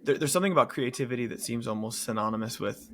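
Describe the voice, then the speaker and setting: A man's voice: medium pitch, rapid-fire, fairly bright tone, slight background noise. A man, a therapist co-hosting a podcast, talking reflectively and thoughtfully in a loose, casual way. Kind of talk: casual conversation.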